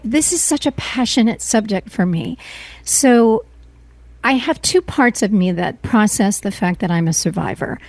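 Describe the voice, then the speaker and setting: A middle-aged woman as an interview guest, speaking earnestly and emotionally, often pausing and restarting her sentences. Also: on the high side, a little mellow, no room sound. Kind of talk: personal interview.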